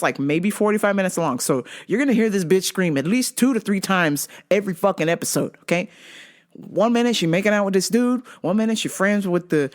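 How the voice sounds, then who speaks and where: A woman host delivers a profane, comedic rant, her pitch leaping all over the place. She keeps breaking into high, shrieking laughter and acts out the voices of the people she quotes. The tone stays loose and casual throughout. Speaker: podcast host.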